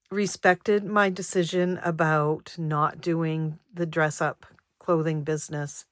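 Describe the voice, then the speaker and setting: A woman in her sixties, a savings vlogger, who talks in a halting, reflective and emotional way, with many ums and restarts. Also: low voice, no echo, studio quality. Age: 60s. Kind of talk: personal vlog chat.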